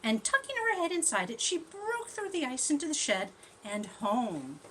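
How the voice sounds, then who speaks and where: Lively woman teacher reading to children. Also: sits high, moderate pace, a little hiss or hum. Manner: gentle, questioning, chatty with young listeners. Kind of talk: reading a story aloud to children.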